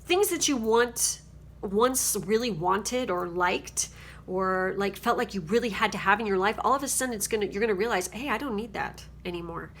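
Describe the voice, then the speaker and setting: A woman's voice: medium pitch, moderate pace, a bit bright, a little hiss or hum. Chatty woman giving a tarot reading. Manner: rambling and chatty, keeps checking in with "okay?". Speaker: tarot card reader. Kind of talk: casual spiritual card reading.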